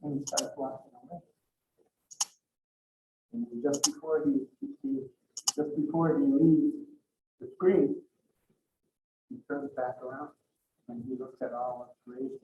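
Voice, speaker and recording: A man's voice: mid-range voice, fairly even intonation, a little slow, pauses often. A man giving a conversational teaching talk with storytelling, often repeating words and restarting his sentences. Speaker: cultural educator. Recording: roomy slightly dull recording, faint noise.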